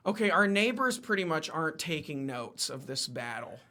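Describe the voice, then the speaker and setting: Excitable bright-voiced man telling history. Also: on the high side, moderate pace. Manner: excitable, rambling, with many fillers and apologies. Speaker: guest, history podcaster. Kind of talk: excited storytelling in casual chat.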